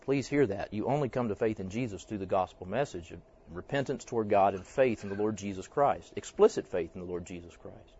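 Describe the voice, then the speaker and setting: A man's voice: on the low side, a little fast, darkish tone, slightly rough. A man teaching a class in a conversational way, telling stories and putting questions to his listeners. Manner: conversational, tells stories, quizzes the audience. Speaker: church teacher. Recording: dull, dry lo-fi recording.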